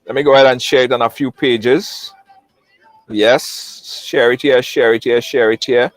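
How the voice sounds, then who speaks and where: A man hosting a live online talk show, lively and repetitive, greeting viewers by name. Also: mid-range voice, measured pace, no room sound, rough recording. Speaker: host.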